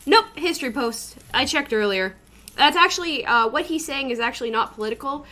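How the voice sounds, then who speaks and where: Woman, streamer, casual live chat, sweary, laughs a lot, slightly high voice. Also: animated, brisk, pushed and bright. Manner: loose and sweary, laughs often.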